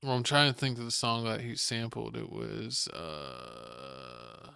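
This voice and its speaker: A man's voice: fairly low pitch, slow, gravelly, pushed and bright, smooth, dry recording, clean studio sound. A man co-hosting a casual podcast, teasing his co-host and laughing often.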